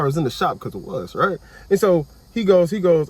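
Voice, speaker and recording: A man's voice: a little high, expressive, very fast, few pauses, husky, no room sound. A young man telling a story casually as a vlogger, acting out dialogue and often repeating "I was like.".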